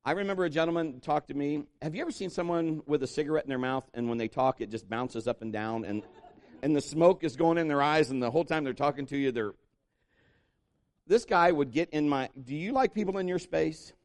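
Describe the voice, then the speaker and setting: A man preaching a sermon, telling jokes and stories and breaking into loud shouted impressions. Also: fairly high pitch, a little fast. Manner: animated, jokey storytelling with shouted impressions. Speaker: pastor.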